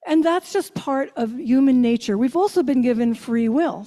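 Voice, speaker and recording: An older woman minister giving a reflective sermon, asking her listeners questions and slowing down on key phrases. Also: on the high side, dark tone. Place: church sanctuary. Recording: long church reverb.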